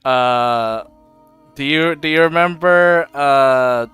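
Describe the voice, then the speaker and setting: A man streaming a game, casually recapping the story and quoting the characters in slangy, animated asides. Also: mid-range voice, slow pace, clear, resonant tone, no echo, soft background music.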